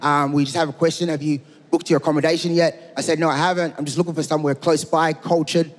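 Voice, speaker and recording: A man's voice: a little high, flat delivery. A man doing a stand-up routine, telling it conversationally and slipping into other people's voices. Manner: conversational, imitates others in quick asides. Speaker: stand-up comedian. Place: stage in a large hall. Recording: reverberant hall with background noise.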